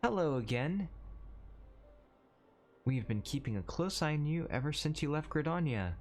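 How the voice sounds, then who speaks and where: A man's voice: fairly high pitch, animated, a little mellow, faint music behind, pitched above the performer's own voice, lightly acted. A man doing a formal guild recruiter. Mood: earnest. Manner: formal, measured delivery. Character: earnest male adventurers' guild recruiter. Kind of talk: reading game dialogue aloud on stream.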